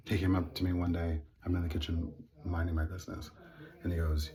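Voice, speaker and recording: Deep-voiced man telling a story. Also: level tone, brisk, a crowd in the background. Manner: earnest, indignant, with wry laughs. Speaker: vlogger. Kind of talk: casual storytelling monologue.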